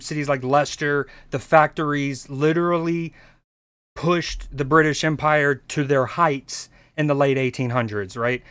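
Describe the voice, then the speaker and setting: Man, streamer, casual reaction chat, rambling, profane, fairly high voice, dry. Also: a bit bright, smooth, no echo. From United States. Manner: rambling, profane, restarts often.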